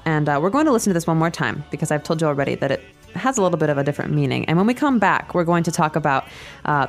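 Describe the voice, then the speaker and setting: Woman teaching slowly and clearly. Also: sits low. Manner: explains slowly, repeats phrases. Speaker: language podcast host. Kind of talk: language lesson chat.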